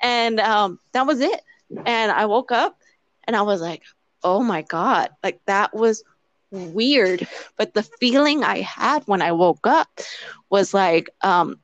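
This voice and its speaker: A woman's voice: mid-range voice, animated, slow pace, no echo, highs cut off. Woman interviewee, casual anecdote, filler-heavy delivery, acts out dialogue, dry close recording. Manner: rambling with many "like" fillers. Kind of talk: casual storytelling.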